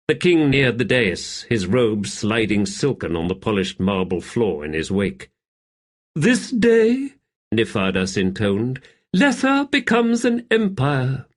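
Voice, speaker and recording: Male audiobook narrator, low voice, lively intonation, measured storytelling. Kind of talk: scripted narration.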